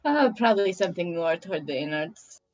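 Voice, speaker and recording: A woman's voice: fairly low pitch, expressive, a little fast, a little mellow, dry recording. A woman voicing a composed fish-creature woman in human skin, speaking in stiff, overly polite phrases with a Russian accent. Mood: formal. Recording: dull, dry lo-fi mic.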